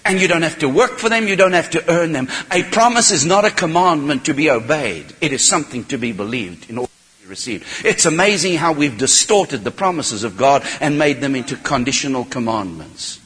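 A man preaching a sermon, impassioned, swinging from quiet, low passages to loud, high shouting. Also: expressive, fairly quick. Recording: long hall reverb.

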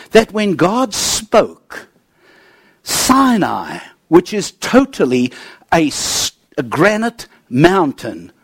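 A preacher with a fairly high voice tells stories animatedly, mixing jokes with earnest teaching. His tone leaps up with excitement and drops low for emphasis. The recording is dry and close, with no room echo. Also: breathy edge. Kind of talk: sermon.

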